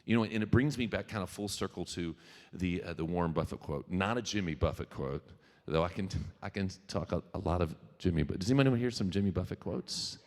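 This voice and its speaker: Talking fast in a deep, darkish voice, a Louisiana man works the room as the featured speaker, a singer-songwriter giving a conversational keynote. The crowd hears plenty of jokes, tangents, direct address and free swearing, all echoing with long hall reverb from the PA.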